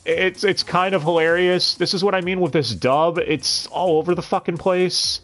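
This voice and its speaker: A man's voice: high voice, steady tone, moderate pace, fairly bright tone, faint music behind. A man reviewing an anime dub on a live stream, talking casually with frequent stammered restarts and blunt, profane sarcasm.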